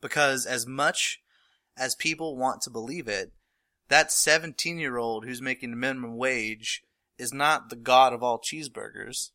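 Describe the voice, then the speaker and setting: Bright-voiced chatty barista guy. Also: medium pitch, normal speed. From North Carolina. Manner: rambling, animated, breaks into laughing yelps. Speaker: podcast co-host, barista. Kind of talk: casual chat.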